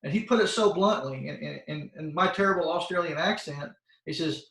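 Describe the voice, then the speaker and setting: A man's voice: on the high side, fairly quick, gravelly, fairly bright tone. Folksy man talking over a roomy video call. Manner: plain-spoken, folksy, many fillers and restarts. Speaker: soil health expert presenting to schoolchildren. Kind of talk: informal educational talk. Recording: roomy sound, voice far from the mic.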